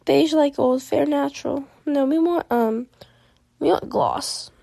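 Brief: high-voiced woman, animated game commentary, giggly, dry close-mic read. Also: gravelly, no echo. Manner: chatty and animated, quick reactions, giggly. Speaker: gaming video creator. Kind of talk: casual game commentary, reading choices aloud.

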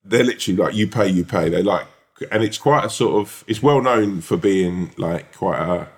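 Brief: young man, low voice, animated sweary storyteller. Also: normal speed. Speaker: podcast co-host. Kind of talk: casual storytelling chat.

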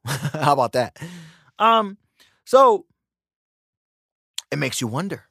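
An American man hosting a podcast in a casual ranting monologue, animated and emphatic, repeating words for emphasis. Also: on the high side, slow pace, long pauses, no echo, studio quality. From United States. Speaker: podcast host.

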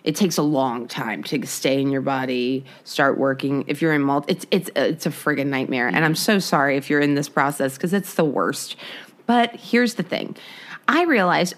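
A young woman with a notably low voice, talking candidly in a relaxed podcast chat. She rambles, restarts and swears freely as she shares with her co-host. Her delivery is loose and conversational. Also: normal speed. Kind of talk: casual chat.

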